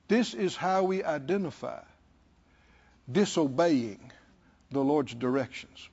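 High lively preacher man. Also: slow pace, breathy edge, dull audio. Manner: repeats phrases, asks the audience questions. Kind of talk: sermon.

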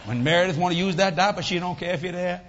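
Speaking fast, an older man delivers a sermon to a church-hall audience in a high, animated voice, swinging between playful asides, jokes with the congregation and acted-out voices in his stories. Long reverb from the large hall, a slightly muffled, dull tone and faint room noise sit behind him.

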